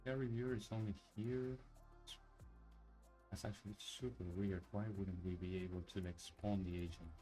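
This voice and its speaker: A man with a lowish voice demos his software over a screen share. He thinks aloud, restarting sentences and dropping fillers as he clicks around. Faint music plays underneath. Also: level tone, normal speed, poor audio. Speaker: software developer demoing his project. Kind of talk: casual screen-share walkthrough.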